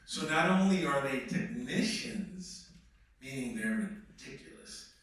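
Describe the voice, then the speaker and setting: An actor speaks emphatically and conversationally to a live workshop audience, slipping into mock voices as he goes. His medium-pitched voice is lively in intonation, unhurried and a bit bright, heard from a distance in an echoey room.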